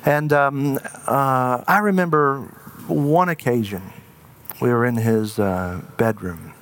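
A man's voice: mid-range voice, slow pace, a bit bright. A middle-aged man, a pastor, preaching a sermon with earnest storytelling that halts on fillers in personal stories.

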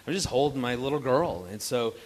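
A man telling a family story as a marriage speaker to a live audience, animated and joking, asking the audience questions. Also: medium pitch, a little fast.

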